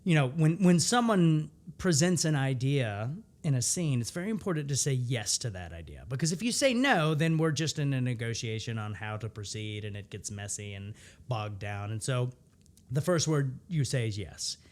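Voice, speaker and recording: A man in his thirties talks through improv stories in a relaxed interview. His pitch swings widely, and he jumps up into a higher voice to act out quoted lines. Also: moderate pace. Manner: animated storyteller, acts out quotes in a higher voice. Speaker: improviser guest. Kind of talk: casual interview chat.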